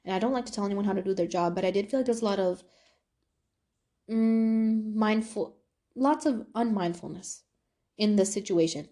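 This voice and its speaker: A woman's voice: mid-range voice, moderate pace, long pauses. A young woman hosts her own podcast and talks straight through a personal story. Her delivery is casual and chatty, and she keeps slipping into quoted dialogue to act out what other people said, with plenty of fillers along the way. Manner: chatty, animated retelling with quoted voices and fillers. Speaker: podcast host.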